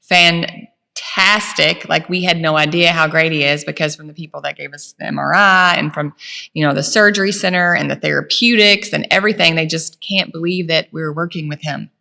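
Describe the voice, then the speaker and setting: A woman's voice: sits low, brisk, vocal fry, sharp tone, in a large hall. A middle-aged woman co-hosting a podcast, telling a family story in casual chat with lots of fillers and acted-out quotes. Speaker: podcast co-host.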